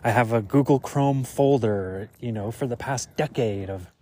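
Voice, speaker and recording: A man's voice: mid-range voice, moderate pace, warm tone, slight background noise. A man hosting a podcast alone, recorded outdoors while on a walk. He muses and thinks aloud in a reflective monologue, full of fillers. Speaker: podcast host.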